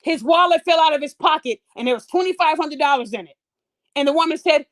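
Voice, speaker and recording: A woman hosts her podcast in a high, clear voice and delivers heated, mocking commentary full of profanity and disbelief. The sound is dry and close, with no room echo. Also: quick pace. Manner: acts out quoted people in raised, sing-song voices. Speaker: podcast host.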